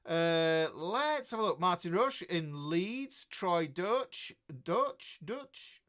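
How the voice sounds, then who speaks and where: A man's voice: high voice, animated, slow, a bit bright, clear, resonant tone. Chatty Northern English man in his fifties. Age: 50s. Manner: chatty and rambling, with many restarts and chuckles. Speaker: guitar teacher hosting a live stream. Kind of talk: casual live-stream chat reading out comments.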